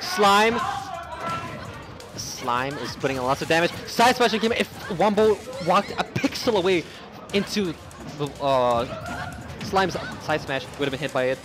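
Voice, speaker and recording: Excitable young commentator, wildly swooping pitch. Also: male voice, normal speed. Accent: Canadian English. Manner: excitable, shouting and stammering at big moments. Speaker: tournament commentator. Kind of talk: excited esports play-by-play commentary. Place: loud tournament venue with a cheering crowd. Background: crowd cheering and music.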